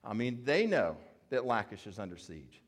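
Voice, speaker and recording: A man's voice: fairly low pitch, big pitch swings, moderate pace. Conversational male preacher. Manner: conversational, explanatory, with fillers and restarts. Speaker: pastor. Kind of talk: sermon.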